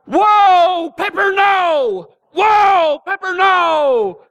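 A man voicing his blunt rural friend in a sermon story, close to his own high voice. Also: very animated, normal speed, fairly bright tone, lo-fi sound, heavily acted. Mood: hollering.

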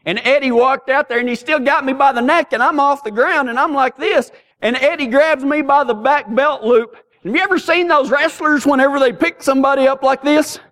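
Very high-pitched and fairly quick, this middle-aged preacher hardly pauses as he tells folksy, comic stories throughout an animated sermon.

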